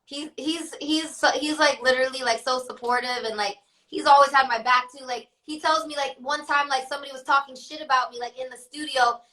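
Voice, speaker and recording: A woman's voice: high voice, steady tone, fairly quick, sharp tone, poor audio. A young woman rapper chatting as an interview guest, laughing often and filling her talk with "like". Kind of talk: casual interview.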